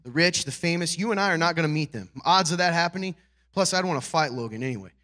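Bright high-voiced male pastor preaching. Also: expressive, quick pace. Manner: conversational, checks in with "right?" and "okay?"; builds to emphatic, louder peaks. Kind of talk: sermon.

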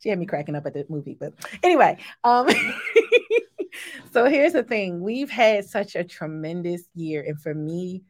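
A woman's voice: fairly low pitch, big pitch swings, a little slow. A woman co-hosting a live show, emotional and laughing often as she talks. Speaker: co-host. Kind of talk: casual live show chat.

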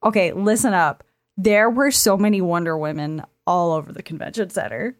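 A woman co-hosting a casual podcast chat from a friend's apartment, telling stories in an animated, excitable way and swearing freely. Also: lowish voice, normal speed, no room sound, clean studio sound. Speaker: podcast co-host. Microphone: remote recording setup.

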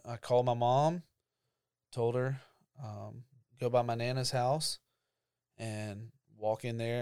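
Telling his testimony about being called to ministry, a young church ministry staffer speaks in a smooth, slightly mellow, mid-range voice. The story is conversational and emotional, packed with fillers, and the studio recording is clean with no room sound.

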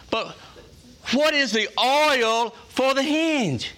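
Folksy and emphatic, a man with a bright, high voice gives his staff a motivational culture talk that sounds like preaching, repeating phrases and asking the room questions. He is expressive and speaks at a slow pace.

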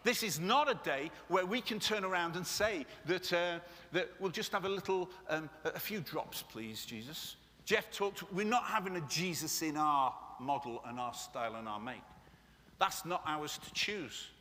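A man's voice: on the high side, animated, measured pace, bright, forceful tone. A man preaching a sermon to a congregation, passionate and conversational, with joking asides to the room. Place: church meeting room. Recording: echoey hall.

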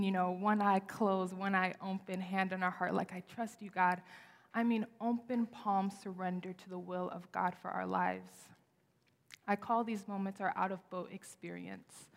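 Earnest young woman preaching in a reverberant hall. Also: medium pitch. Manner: earnest, expressive, rising for emphasis. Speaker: speaker at a worship service. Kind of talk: sermon. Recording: long reverb of a large hall.

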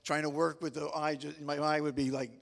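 A man's voice: on the high side, level tone, brisk, gravelly. A middle-aged man preaching a casual sermon, telling folksy, humorous stories in a rambling, stop-start way full of restarts. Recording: long reverb of a large hall.

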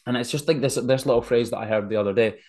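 A man's voice: medium pitch, fast talker, darkish tone. A man hosting a podcast, telling a story in a casual, rambling monologue and correcting himself as he goes. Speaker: podcast host.

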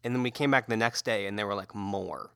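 A man co-hosting a comedy podcast, riffing with deadpan absurd bits in casual chat. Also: lowish voice, a little fast, gravelly, clear, resonant tone, no room sound, clean studio sound. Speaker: podcast co-host.

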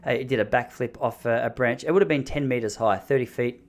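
Speaking quickly at a medium pitch, this man in his thirties, a vlogger, spins an animated, casual story. He imitates the people who appear in it.

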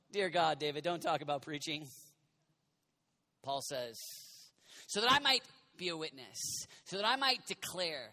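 A young American man preaching a sermon with passion, shouting out lines and then dropping to a soft, confiding voice. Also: fairly high pitch, animated, measured pace, long pauses, no room sound, clean studio sound. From United States.

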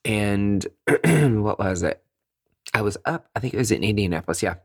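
Animated man telling a funny story. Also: fairly low pitch, normal speed, husky, no room sound, clean studio sound. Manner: animated, laughs often, acts out his own reactions; breaks into giggles mid-sentence. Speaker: nurse telling a personal story. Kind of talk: casual storytelling monologue.

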